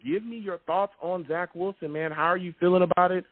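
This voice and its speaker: Excitable man hosting a tinny call-in show. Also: high-pitched, brisk, dry recording. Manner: excitable, emphatic, repeats himself. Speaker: sports talk show host. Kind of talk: live call-in sports podcast. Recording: tinny phone-like, dry sound.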